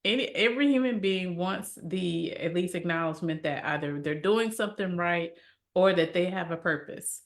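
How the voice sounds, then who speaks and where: Teasing, laughing woman podcast co-host. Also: on the low side. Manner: laughs often, teasing and quick. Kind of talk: casual podcast discussion.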